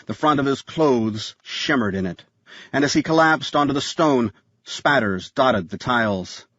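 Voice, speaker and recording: A man's voice: mid-range voice, expressive, measured pace, fairly bright tone, no room sound. Male audiobook narrator, tense thriller delivery, dull dry studio sound. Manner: tense thriller reading, voices characters.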